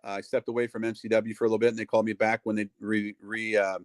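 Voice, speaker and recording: A man's voice: fairly low pitch, level tone, quick pace, no echo. Chatty middle-aged man telling stories. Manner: chatty, acts out quoted voices, lots of fillers. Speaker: wrestling ring announcer, guest. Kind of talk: casual storytelling interview.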